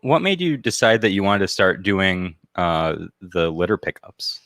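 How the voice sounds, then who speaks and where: Host, male: very low voice with a bright edge, jokey and rambling, dry close sound. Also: very animated, unhurried, no room sound. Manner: joking, rambling, laughs often. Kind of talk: casual interview chat.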